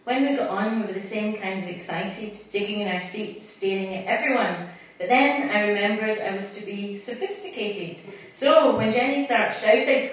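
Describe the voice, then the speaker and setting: A woman's voice: mid-range voice, fairly even intonation, normal speed, slight background noise. A Scottish woman poet reading her poems to a live audience, with chatty asides between them. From Scotland. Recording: distant mic in an echoey hall.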